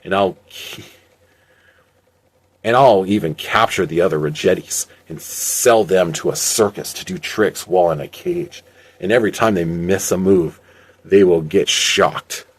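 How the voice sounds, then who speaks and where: A man reading as a smug, low-voiced villain. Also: a little slow, breathy edge. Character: smug, boastful male villain hunter.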